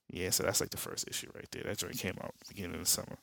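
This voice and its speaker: A man's voice: low voice, flat delivery, racing, creaky, few pauses, pushed and bright, dry recording. A man hosting a podcast, retelling a comic book story in loose, slangy, laid-back talk. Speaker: podcast host. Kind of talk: casual comic-book recap.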